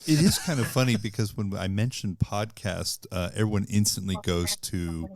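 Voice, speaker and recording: A podcast cast member, a man chatting casually in a thoughtful, measured way, with fillers. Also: on the low side, a little mellow. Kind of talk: casual chat.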